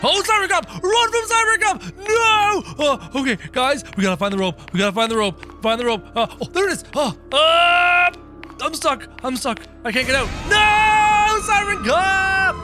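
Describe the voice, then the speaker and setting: A man voicing a mischievous, snarky male cartoon rabbit while playing a game in character, excitable and prone to loud panicked yelps. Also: very high-pitched, a little fast, music in the background.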